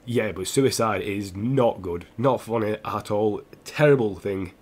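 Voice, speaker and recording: A young man, a gaming streamer, talking earnestly and haltingly to his viewers while close to tears. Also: on the low side, darkish tone. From England. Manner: earnest, halting, with restarts and repeated phrases. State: tearful, close to crying. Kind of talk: emotional personal address to stream viewers.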